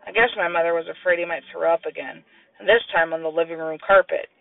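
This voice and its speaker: A man's voice: quick pace, vocal fry, dry recording, distant mic. A man reading a children's story aloud and doing the characters' voices. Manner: lively, plays children's voices in high squeals. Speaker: audiobook narrator. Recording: tinny, lo-fi, radio-like sound.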